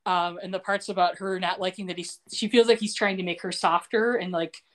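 A woman's voice: lowish voice, fairly even intonation, fairly quick. Chatty woman recapping a TV episode. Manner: chatty and loose, with frequent fillers and asides. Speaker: podcast co-host. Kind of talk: casual recap chat.

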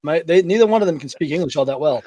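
A man's voice: fairly high pitch, expressive, racing, dark tone, no echo. A man with a Boston accent from Revere, co-hosting a casual podcast chat and telling stories with some swearing. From Revere, Massachusetts. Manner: swears freely, tells stories. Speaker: podcast co-host.

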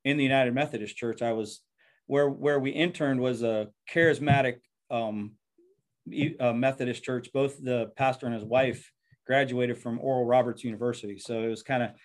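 A man's voice: medium pitch, fairly even intonation, moderate pace. A man who is a pastor, telling his life story in an earnest, reflective interview and often repeating words as he goes.

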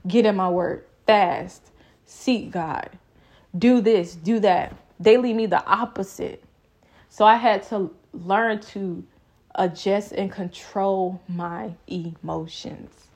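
A woman's voice: medium pitch, slow, darkish tone. A young adult woman vlogging a personal faith reflection, with an emphatic, repetitive, preaching cadence.

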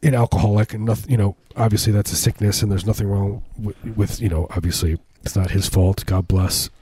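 A man with a husky, mellow, fairly low voice tells rambling comic stories in casual chat. He restarts his sentences often and acts out the people he quotes. The sound is dry and close. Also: little pitch movement, a little fast. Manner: rambling storyteller with many restarts and acted-out quotes.

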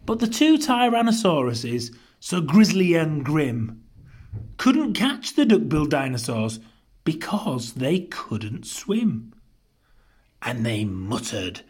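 Slow, lively storybook-reading man. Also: fairly high pitch, breathy edge. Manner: rhythmic, expressive read-aloud. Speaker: podcast host and storyteller. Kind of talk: storybook narration.

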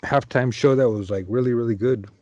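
A man co-hosting a casual podcast, talking haltingly and often repeating words. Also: medium pitch, darkish tone, no room sound, muffled recording. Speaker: podcast co-host. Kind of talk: casual chat among friends.

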